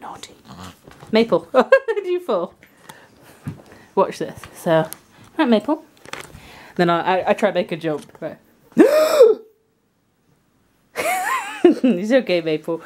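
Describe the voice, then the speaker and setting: A woman's voice: medium pitch, huge pitch swings, slow pace, pauses often, a little mellow. A young woman vlogging at home, gushing in baby talk at her pet dog with gasps and giggles, filmed on a handheld camera. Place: at home indoors. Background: dog sounds.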